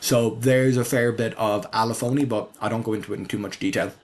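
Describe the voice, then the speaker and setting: A man presenting his constructed language in a relaxed voice-over, thinking aloud as he goes. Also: fairly low pitch, a little fast, a little hiss or hum. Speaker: conlang presenter. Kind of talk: casual explanatory voice-over.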